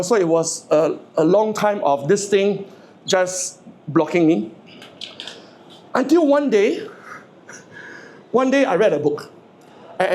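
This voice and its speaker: A man's voice: high voice, darkish tone. A man, giving a humorous motivational speech to a live audience, stammering and repeating words as he jokes and asks the crowd questions. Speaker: motivational speaker.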